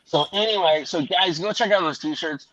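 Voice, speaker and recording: A man's voice: sits high, moderate pace, no echo, muffled recording. A middle-aged man hosting a casual panel chat, rambling through anecdotes with laughs. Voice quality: bright, animated storytelling. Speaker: host.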